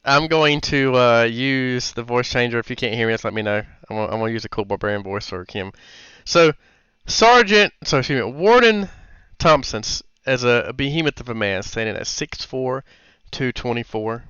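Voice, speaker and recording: A man's voice: mid-range voice, fairly quick, few pauses, fairly bright tone, clear, resonant tone, no echo, lo-fi sound. A man running a tabletop game as game master, casual and thinking aloud.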